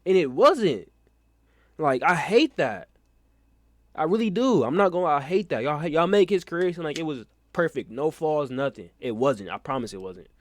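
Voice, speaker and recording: A man's voice: fairly high pitch, animated, normal speed, dry recording. A young man hosting a reaction video, talking bluntly and with lots of profanity, sounding exasperated. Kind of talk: casual reaction commentary.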